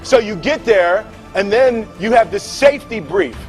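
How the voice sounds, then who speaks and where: A man telling a story to a live audience, animated, acting out voices and laughing often. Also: sits high, normal speed, faint music behind. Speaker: speaker. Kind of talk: storytelling talk.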